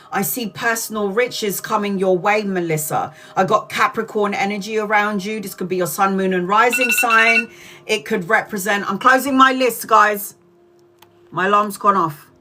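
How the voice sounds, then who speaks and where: A woman's voice: mid-range voice, bright, forceful tone. A British woman giving a live-stream tarot reading, chatty, laughing often and swearing freely. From Britain. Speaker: tarot reader.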